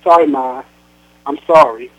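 A man's voice: medium pitch, unhurried, natural voice. A man reading the lines of a weary grown daughter, apologetic and evasive with her mother, over a tinny phone line. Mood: defensive.

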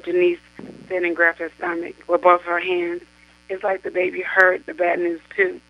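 A woman's voice: on the low side, monotone, moderate pace, no echo. A woman author reading an excerpt of her novel aloud on a radio show, in plain storytelling narration. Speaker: author, guest. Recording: dull lo-fi radio sound.

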